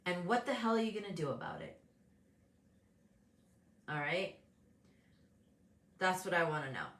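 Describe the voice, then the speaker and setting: The talk show host and business coach speaks a little slowly, her low-leaning voice swooping wildly in pitch and a bit bright. On her casual motivational show she is candid and animated, performing the voices of those she quotes, in a roomy space.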